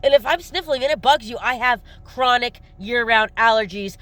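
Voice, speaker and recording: An irritated woman rants straight to her camera in a blunt, riled-up monologue. Her voice sits a little high, and she hammers her points with repeated taunts. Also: normal speed, bright, forceful tone. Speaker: vlogger.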